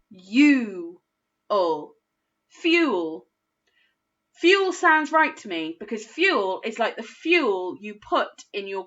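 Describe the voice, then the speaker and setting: Woman teacher sounding out words for little kids, really slow and patient, voice bounces up and down a lot. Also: medium pitch, sharp tone, dull audio. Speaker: primary school teacher. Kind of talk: recorded phonics lesson for young children.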